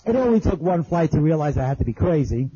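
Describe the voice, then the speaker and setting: Husky-voiced man telling his story. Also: fairly high pitch, big pitch swings, fast talker, mellow, lo-fi sound. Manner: earnest, plain storytelling with repeated phrases. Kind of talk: spoken testimony to an audience.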